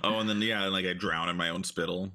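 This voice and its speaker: A man's voice: low-pitched, steady tone, fast talker, bright, forceful tone. A man co-hosting a casual chat, playful and jokey, building absurd story twists. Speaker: podcast co-host.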